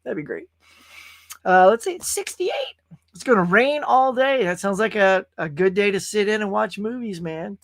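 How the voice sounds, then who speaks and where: A man's voice: sits high, moderate pace, a bit bright, dry recording, clean studio sound. A man from California, host of a casual live-stream show, talking in a rambling, chatty way and reading viewers' comments aloud. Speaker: podcast host.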